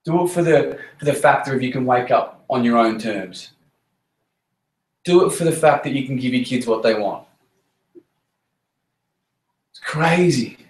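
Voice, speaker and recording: Speaking at a measured pace with frequent pauses, a man with an expressive mid-range voice rallies his network marketing team in a meeting room. He is blunt and profane, hitting points again and again with punchy emphasis. The audio carries a roomy echo.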